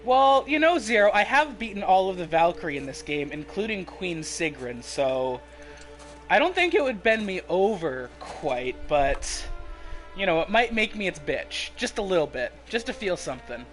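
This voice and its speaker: A man's voice: sits high, very animated, moderate pace, a bit bright, soft background music. A young man streaming a game, chatting casually and joking with his viewers. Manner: chatty, joking, talks to chat between menu picks. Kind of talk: casual gameplay commentary.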